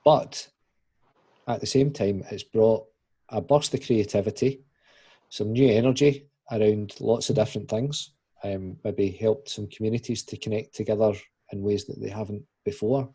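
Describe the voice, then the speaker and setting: A man's voice: fairly low pitch, moderate pace, mellow, slightly rough. A man hosting a casual church podcast, asking rambling questions with many restarts. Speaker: podcast host.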